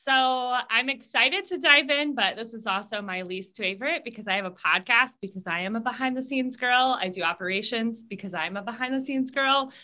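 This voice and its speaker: Bright-voiced woman podcast host. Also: fairly high pitch. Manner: friendly, quick agreeing interjections. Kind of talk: casual interview chat.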